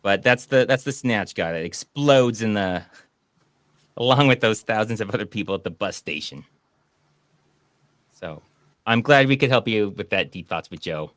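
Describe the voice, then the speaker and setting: A man hosting a casual online stream, rambling and animated as he retells film scenes. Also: fairly low pitch, normal speed, pauses often, no echo. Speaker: podcast host. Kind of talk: casual stream chat about movies.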